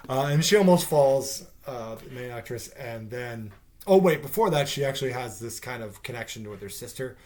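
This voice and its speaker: A man's voice: medium pitch, lively intonation, moderate pace, a little mellow. Rambling, sarcastic man reviewing a show. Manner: rambling, profane, sarcastic, with many fillers. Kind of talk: casual spoken episode review.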